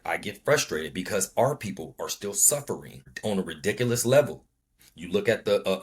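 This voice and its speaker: A man speaking hosts a solo podcast in a fervent, preachy tone. His fairly low voice has a husky grain, and he hammers his points home by repeating words and swearing now and then. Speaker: podcast host. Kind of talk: impassioned solo podcast commentary.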